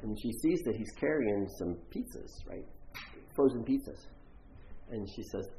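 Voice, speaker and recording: Telling a story from the pulpit, this pastor voices each character with acted-out quotes. His voice is lowish, animated, and dark in tone, at a moderate pace. Slight background noise sits in a roomy, somewhat dull church recording.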